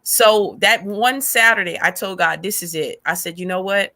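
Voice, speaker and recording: A woman guest on a faith podcast, retelling a hard stretch of her life as an animated storyteller who acts out past conversations. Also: mid-range voice, normal speed. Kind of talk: emotional personal testimony.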